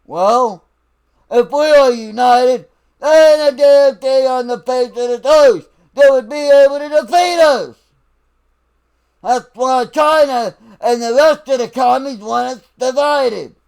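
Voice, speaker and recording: Gravelly man ranting like a drill sergeant. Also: extremely high pitch. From United States. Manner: shouting, profane, drill-sergeant delivery; slow, emphatic, lecturing. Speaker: vlogger. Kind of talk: angry political rant.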